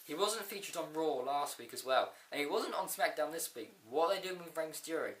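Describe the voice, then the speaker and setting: A man giving a rambling, excitable casual video review of a wrestling show. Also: a little high, a little fast. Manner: excitable, rambling, with frequent fillers and outbursts. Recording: echoey room.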